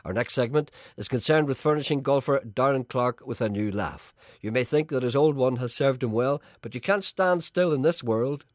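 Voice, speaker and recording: A man's voice: medium pitch, normal speed, hardly any pauses, no room sound, studio quality. A man, a radio comedy presenter bantering playfully and teasing his partner.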